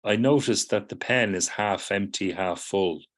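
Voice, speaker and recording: An unhurried middle-aged psychotherapy teacher with a fairly low voice lectures a class of therapy students, explaining step by step. He slips into the voices of the people in his examples, acting out students' replies, and keeps asking "do you see?".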